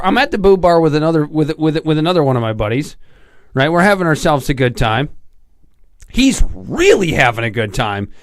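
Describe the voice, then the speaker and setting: Guy on a podcast mic telling a wild story, swears a lot, voice jumps up and down, pretty high, dry close sound. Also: no echo. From Detroit area. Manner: rambling, profane, laughs through his stories. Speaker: podcast co-host. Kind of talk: casual storytelling chat.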